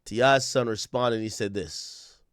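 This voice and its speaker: A man's voice: fairly low pitch, steady tone, a little slow, fairly bright tone, no echo, studio quality. A man hosting a live stream, reacting to a clip with rambling, laughing, profane commentary. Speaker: livestream host.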